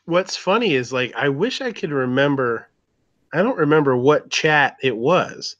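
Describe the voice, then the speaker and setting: A man in a casual group chat, recounting events in a relaxed, chatty way, heard over dull lo-fi audio. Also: a little high, unhurried, no room sound.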